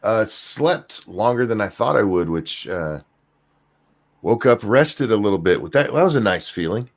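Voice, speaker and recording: An older man hosting a casual podcast chat, relaxed and rambling with fillers. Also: lowish voice, normal speed. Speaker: host.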